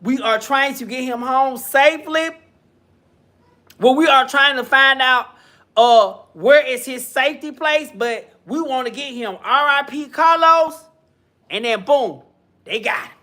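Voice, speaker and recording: Sassy high-voiced man gossiping live. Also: sharp tone. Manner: sassy, swearing, drawn-out exclamations. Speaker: commentary streamer. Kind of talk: casual live-stream gossip commentary.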